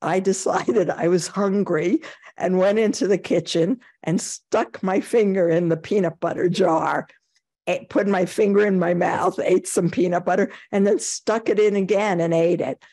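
A woman's voice: on the low side, steady tone, normal speed, warm tone. An older woman with a New York accent giving a Zen dharma talk, telling anecdotes, chuckling and acting out the voices she quotes. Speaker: Zen teacher.

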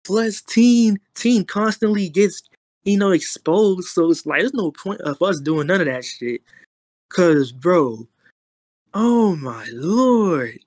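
A man's voice: sits high, expressive, takes it slowly, darkish tone, dry recording, clean studio sound. A young man streamer rambling in casual, slangy, profane talk while roasting someone on a voice chat. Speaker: online streamer.

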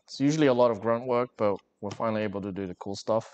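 A man's voice: lowish voice, fast talker, darkish tone, muffled recording. A man chatting casually and joking with viewers while working on a craft during a live stream. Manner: rambling, joking, talks to chat while working.

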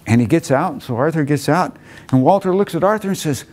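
Mellow-voiced man lecturing earnestly. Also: expressive. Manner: earnest, slowing and dropping low for emphasis. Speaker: motivational lecturer. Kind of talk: reflective lecture with storytelling.

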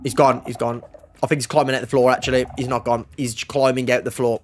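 A man's voice: medium pitch, flat delivery, quick pace, slight background noise. A young man giving live gameplay commentary, swearing, yelping and screaming in panic, and talking to his chat. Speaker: gaming YouTuber.

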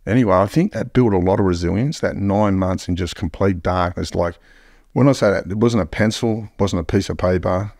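A man's voice: low-pitched, fairly quick, a little mellow, dry recording, studio quality. An Australian man telling stories as a podcast guest in a blunt, heavily profane way. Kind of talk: casual storytelling.

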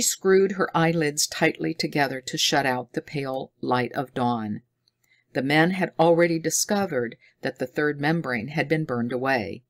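A woman narrating an adventure audiobook in a measured, deliberate reading. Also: low-pitched, dry recording.

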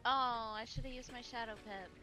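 A giggly woman chats through a game session, laughing often between remarks. Her voice is high and bright, with a crisp edge. Faint game music runs underneath. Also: steady tone, fairly quick. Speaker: co-player. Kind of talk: casual gameplay chat.

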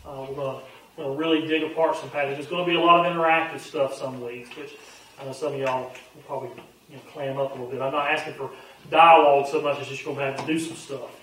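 Earnest pastor in an echoey room. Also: male voice, mid-range voice, fairly even intonation, quick pace, a bit bright, distant mic. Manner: folksy, earnest, conversational with frequent fillers. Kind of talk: casual Bible study teaching. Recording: very echoey room, voice off-mic with faint hum.

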